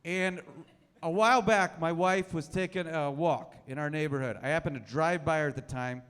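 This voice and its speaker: Brief: dry, self-mocking male comic, slightly high voice, reverberant club hall. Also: moderate pace, fairly bright tone, smooth. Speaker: stand-up comedian. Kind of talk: stand-up comedy set. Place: comedy club stage.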